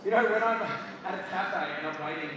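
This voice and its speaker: A motivational speaker in his thirties tells comic stories to students live in a school hall, voicing characters and shouting. His voice sits high and moves fairly quickly, while the distant, echoey audio is dull, with a crowd and hall ambience behind him.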